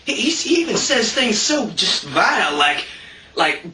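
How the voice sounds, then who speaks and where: A man's voice: high-pitched, sing-song, measured pace, pushed and bright. A man giving a sarcastic, mock-earnest satirical stand-up monologue, chatty and full of fillers. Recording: roomy sound from a distant mic.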